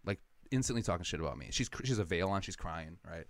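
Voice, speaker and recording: A man on a podcast, telling a comedic personal story in quick, animated, profane bursts. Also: low voice, no room sound. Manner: rapid, animated, profane anecdotes. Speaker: comedian guest.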